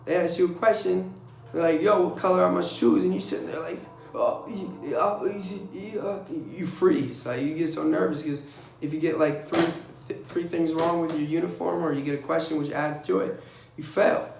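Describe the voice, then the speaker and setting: A young man speaking in a fairly high, gravelly voice, telling casual and profane stories. His delivery is blunt and gets animated whenever he acts out what other people said. The room around him is echoey. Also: brisk, soft background music. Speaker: vlogger recounting navy boot camp. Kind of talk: casual storytelling.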